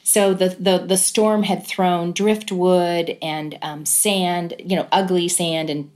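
A middle-aged woman speaks as an interview guest with a slightly low voice. She tells a personal story in an earnest, reflective way and pauses often. It sounds like a relaxed sit-down conversation. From Southern California.

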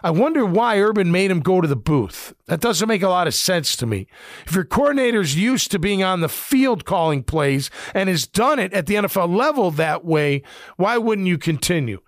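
A man's voice: sits high, lively intonation, moderate pace, no echo, studio quality. A middle-aged man, a former football player, giving casual sports commentary in a blunt, rambling way with lots of fillers.

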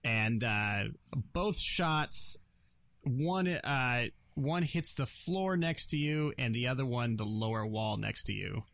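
Guy running a tabletop game, lots of uhs and ums, mid pitch, steady. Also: gravelly, no room sound. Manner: halting, many fillers while narrating. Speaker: game master.

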